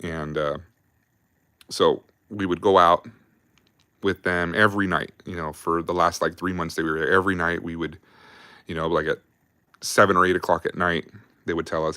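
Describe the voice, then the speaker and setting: A man's voice: deep voice, little pitch movement, normal speed, pauses often, pushed and bright, clear, resonant tone, no echo, clean studio sound. A man, an army veteran hosting a livestream, telling war stories casually with lots of swearing and fillers while drinking beer. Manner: rambling, profane, heavy on fillers. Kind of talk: casual storytelling.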